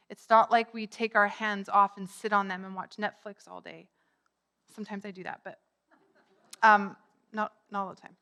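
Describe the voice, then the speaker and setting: A woman's voice: a little high, pushed and bright. A middle-aged woman preaching a sermon in a conversational way, lifting her voice for quoted cries. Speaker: pastor.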